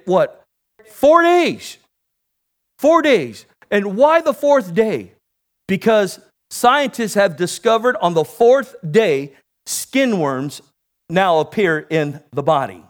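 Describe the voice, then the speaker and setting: A man delivers a sermon in a high voice that swings widely up and down. He takes his time, drawing the congregation in with calls for amen, then builds to shouted, excited peaks. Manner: call-and-response preaching, rising to shouts. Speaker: preacher.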